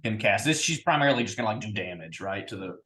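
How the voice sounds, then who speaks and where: A man playing a tabletop game, chatting casually in an animated, teasing way. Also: fairly low pitch, quick pace. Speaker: player. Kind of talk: casual chat at the gaming table. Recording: echoey room.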